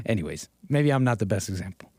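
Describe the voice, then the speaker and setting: A man's voice: lowish voice, animated, normal speed, a little mellow, dry recording. Sarcastic streamer guy riffing to chat, laughs a lot, super dry close sound. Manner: sarcastic, chuckling often; talks straight to chat. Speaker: livestream host. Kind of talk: political commentary livestream.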